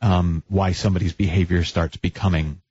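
A male host of a call-in advice show who asks probing questions and pokes fun at himself, with a husky voice. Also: deep voice, steady tone, moderate pace, mellow, dry recording, highs cut off. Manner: probing, self-deprecating, restarts often.

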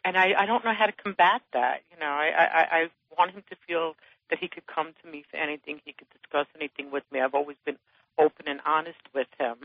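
A woman calling an advice show, speaking earnestly and emotionally, with halting restarts. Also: low voice, no echo, narrow, tinny audio. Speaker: caller. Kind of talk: phone-in conversation.

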